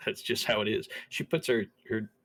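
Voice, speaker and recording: A man with a lowish voice narrates as game master of a tabletop game. He sounds relaxed and halting, using lots of fillers.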